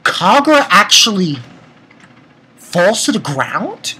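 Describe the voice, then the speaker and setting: A man giving a casual, excitable manga chapter review, retelling scenes and breaking into profane rants. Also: high voice, takes it slowly, husky, poor audio.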